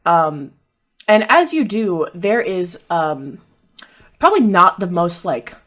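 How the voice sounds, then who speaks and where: Lady running a tabletop game, chatty, lots of ums, pitch all over. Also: big pitch swings, slow, fairly bright tone. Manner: chatty, many fillers. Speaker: game master.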